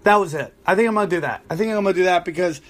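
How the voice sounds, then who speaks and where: High-voiced, ranting comedian. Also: male voice, rapid-fire. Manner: profane, animated storytelling with fillers. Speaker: stand-up comedian and podcast host. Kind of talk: ranting podcast monologue.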